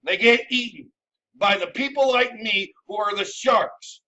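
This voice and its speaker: Guy ranting and cussing at viewers, real high bright voice, dull far-off sound. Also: measured pace. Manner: combative, profane, scolding, shouts at times. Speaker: vlogger, army veteran. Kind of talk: ranting commentary to camera. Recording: dull sound from a distant mic.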